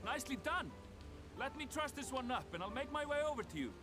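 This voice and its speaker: A man voicing a polite male gleaner with an Eastern European accent, speaking in a measured, courteous way. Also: extremely high pitch, big pitch swings. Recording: game audio with music.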